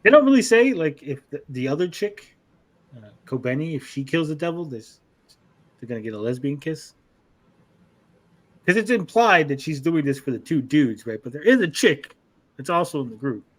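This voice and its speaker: A man's voice: a little high, sing-song, normal speed. A man co-hosting an anime podcast, casually recapping episodes in a rambling, profane way and acting out characters' lines.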